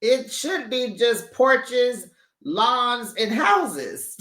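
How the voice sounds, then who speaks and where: A recap YouTuber chatting casually about a reality show, laughing often and talking with lively slang into a microphone held back from the mouth. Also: medium pitch, very slow, reverberant. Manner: laughs often, gossipy and animated, uses slang. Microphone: USB microphone held back from the mouth.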